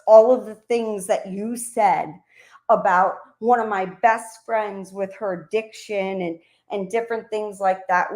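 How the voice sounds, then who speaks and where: A woman's voice: on the high side, a little mellow. A middle-aged woman streamer delivering an angry, profane, confrontational rant to her audience. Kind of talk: heated livestream rant.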